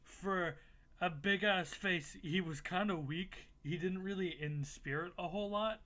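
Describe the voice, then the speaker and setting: A young man with a somewhat high voice recaps his game playthrough in a loose, rambling way. He swears freely and makes fun of his own mistakes. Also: a little slow, bright, forceful tone. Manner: casual, swears freely, self-mocking, laughs at himself. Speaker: gaming YouTuber. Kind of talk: casual playthrough recap narration.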